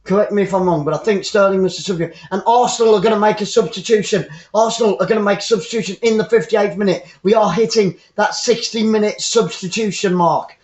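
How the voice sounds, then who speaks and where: Excitable, blunt fan commentator. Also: male voice, high-pitched, quick pace, few pauses, roomy sound. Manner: excitable, blunt and opinionated, often repeats himself. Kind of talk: live football fan commentary.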